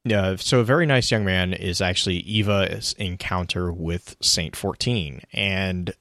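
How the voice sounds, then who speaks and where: Low-voiced man rambling through a story. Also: measured pace, a bit bright, dry recording, studio quality. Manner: rambling, many restarts, laughs while retelling. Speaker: podcast co-host. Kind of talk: casual chat retelling lore.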